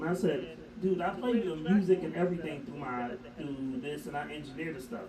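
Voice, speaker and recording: A man's voice: a little high, normal speed, roomy sound, recorded from a distance, crowd noise, rough recording. A man co-hosting a radio talk show, telling profane stories with laughter. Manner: animated, profane storytelling with laughter. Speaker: radio show co-host and engineer. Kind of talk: casual storytelling chat.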